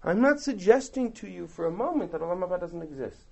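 Animated man teaching a text class. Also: high voice, fast, vocal fry. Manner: animated, rhetorical questions, recites and translates Hebrew verses. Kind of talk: text study lecture.

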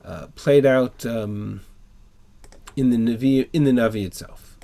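A man's voice: mid-range voice, measured pace, vocal fry, warm tone. A man teaching a text-study class over a video call, reading verses and then explaining them with emphatic rhetorical questions.

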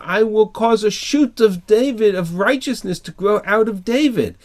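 A man's voice: sits high, moderate pace, hardly any pauses, a little mellow. A man teaching a text-study class over a video call, reading verses and then explaining them with emphatic rhetorical questions.

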